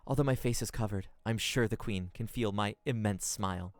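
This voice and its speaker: A man's voice: fairly low pitch, fairly quick, no echo, faint music behind. A man streaming a video game, commenting casually and reading game text aloud in a playful, goofy way.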